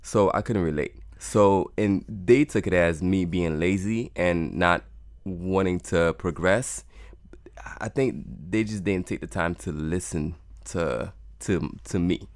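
Slow and low-voiced, this man is a cellist being interviewed in a clean studio with no room sound. He talks conversationally and earnestly, reflecting on his music and often repeating words.

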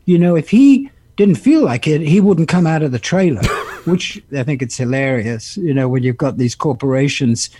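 A man in his seventies, a guest actor and musician, telling animated stories with laughter and impressions in an interview. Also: fairly high pitch, moderate pace, breathy edge. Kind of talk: interview storytelling.

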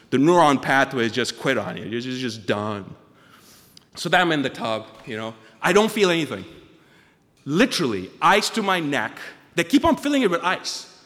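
A man telling a personal story in an animated, comic way, often restarting his sentences. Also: mid-range voice, big-room sound.

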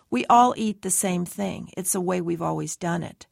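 A woman's voice: on the low side, normal speed, creaky, hardly any pauses, no room sound, studio quality. A woman reading a first-person novel aloud, giving the dialogue light character shading. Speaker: audiobook narrator.

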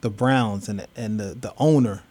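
A man's voice: on the low side, moderate pace, a little mellow, slightly rough. A man hosting a conversational interview, affirming and encouraging his guest as he asks questions. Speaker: host.

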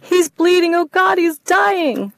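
A woman's voice: moderate pace, a bit bright, no echo. A woman reading a novel aloud, voicing a hysterical, sobbing woman on the phone. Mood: panicked. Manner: shrill, wailing.

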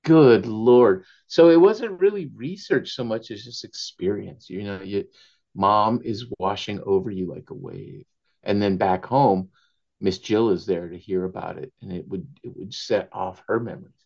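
A man, an author, telling animated anecdotes in an interview, laughing often and slipping into Spanish phrases. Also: fairly low pitch, a little slow, lo-fi sound. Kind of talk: storytelling in a conversational interview.

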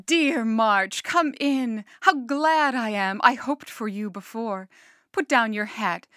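This is a woman reading poems aloud as a guest. Her voice sits a little high, and she recites steadily and clearly in a dry, close recording. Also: slow, sharp tone, no room sound. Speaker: guest poetry reader. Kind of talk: poetry reading.

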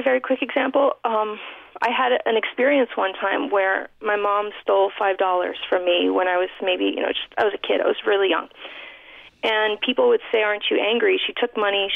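Speaking in a creaky mid-range voice, this woman from New York City is a guest author on radio, reflectively and warmly telling her life story while often starting over. The sound is dry, with a thin, phone-like quality.

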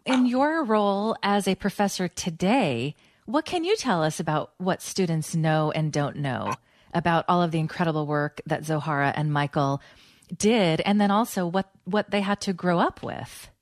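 A woman host leads the interview, answering her guests with short affirmations before she asks the next question. Her pitch sits in the middle range for a woman, and the sound is dry and close to the mic. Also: expressive, unhurried, dry recording.

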